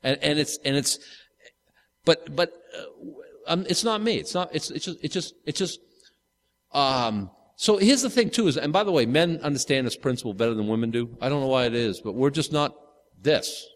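A man's voice: fairly high pitch, expressive, normal speed. A man in his fifties preaching a casual, conversational sermon, rambling with restarts and asides. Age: 50s. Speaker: pastor. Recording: long hall reverb.

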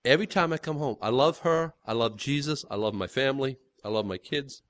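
A man's voice: mid-range voice, fairly quick, no echo, pitched below the performer's own voice, lightly acted. A man voicing a weary, exasperated husband complaining about his nagging wife.

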